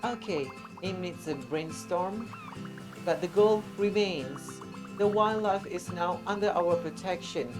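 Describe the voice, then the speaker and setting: A woman's voice: on the low side, takes it slowly, voice pushed up. A woman voicing an enthusiastic young girl who loves animals, reading game dialogue aloud over faint game music. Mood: excited. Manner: shouty and enthusiastic. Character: excited young girl heroine, eager animal lover.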